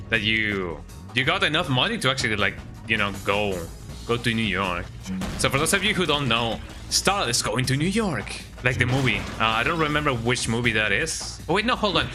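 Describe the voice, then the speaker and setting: A man streaming a game, chatting casually with viewers, joking and rambling, often tagging lines with "eh?". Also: medium pitch. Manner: joking, rambling, says "eh?" a lot. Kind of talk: casual livestream chat. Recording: game music behind.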